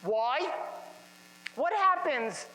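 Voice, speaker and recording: A man speaking to chiropractors at a seminar in a conference room, energetic and full of rhetorical questions to the audience. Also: very high-pitched, very slow, in a large hall, slight background noise, rough recording. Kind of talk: motivational seminar talk.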